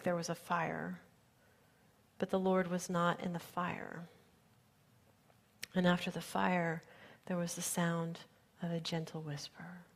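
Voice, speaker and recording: A woman pastor giving an earnest sermon, often dropping her voice to a soft near-whisper for emphasis. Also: fairly low pitch, gravelly.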